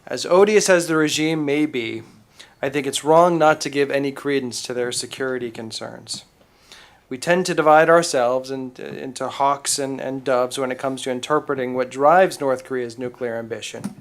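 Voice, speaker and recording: A man on an academic panel, speaking in a measured way with small repetitions and fillers. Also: medium pitch.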